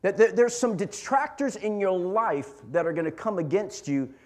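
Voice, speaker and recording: A man's voice: high-pitched, lively intonation, normal speed, darkish tone. A man preaching a sermon as pastor, impassioned and repeating lines for emphasis.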